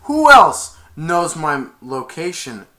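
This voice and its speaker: A sheltered young woman from a cartoon, shut away in a tower, speaking earnestly with a defiant edge, as a man quotes her. The voice is bright and lively. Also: mid-range voice, normal speed, lightly acted.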